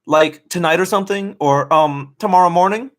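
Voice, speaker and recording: A man voicing a giggly, distracted teenage girl friend on the phone, in a raised, bright voice. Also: fairly low pitch, moderate pace, voice pushed up, close to an everyday voice. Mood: breezy.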